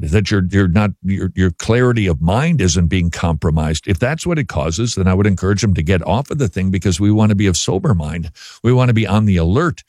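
A man's voice: deep voice, a little mellow, no room sound, studio quality. A man hosting a radio talk show, chatting casually and reading listener emails with wry asides. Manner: chatty, wry, chuckles at his own asides. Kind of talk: casual chat.

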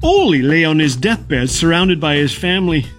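High-voiced middle-aged male radio host. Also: lively intonation, moderate pace, faint music behind. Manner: jokey, warm storytelling with chuckles. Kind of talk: humorous devotional talk.

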